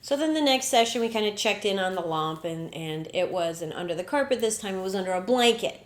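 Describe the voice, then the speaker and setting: A woman's voice: mid-range voice, animated, brisk. Earnest woman talking in a roomy space. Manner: earnest, acts out inner dialogue in quoted voices. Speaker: podcast host. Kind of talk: reflective spiritual talk. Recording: roomy echo.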